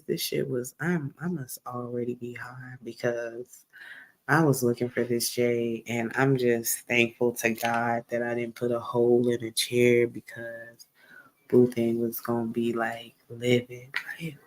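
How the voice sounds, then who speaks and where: A woman's voice: a bass voice, level tone, measured pace. A woman hosting her own live stream, talking candidly and emphatically in a casual monologue, often repeating phrases for stress. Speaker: livestream host.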